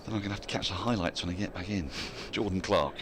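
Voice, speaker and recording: A man's voice: low-pitched, fast, noisy background. A man giving live cricket commentary in a chatty way, laughing often and reading out listener emails between the play.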